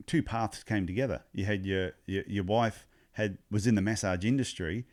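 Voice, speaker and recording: A man's voice: fairly low pitch, normal speed, darkish tone. An Australian man hosting a podcast interview, with an upbeat, chatty manner. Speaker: podcast host.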